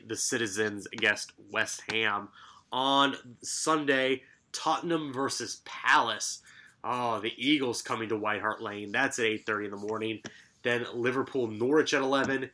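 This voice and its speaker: Male podcast co-host, bright forceful tone, sarcastic, brisk fixture rundown. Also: medium pitch. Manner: lively, rattles through fixture lists with sarcastic asides. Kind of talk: casual sports podcast chat.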